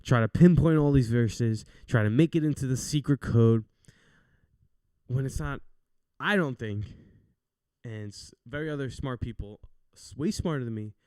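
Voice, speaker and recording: A man's voice: medium pitch, warm tone, clean tone, no echo, studio quality. A young man hosting a casual faith talk show, speaking in an earnest, chatty, encouraging way. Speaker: podcast host.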